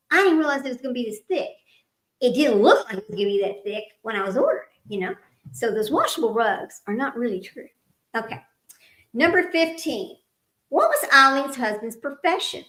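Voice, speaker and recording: A high-pitched woman hosts a casual trivia livestream, chatty and giggly, laughing at herself as she drifts off topic. Her voice rings around an echoey room at home. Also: a bit bright. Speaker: livestream host running trivia. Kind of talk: casual chat with live viewers. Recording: roomy echo.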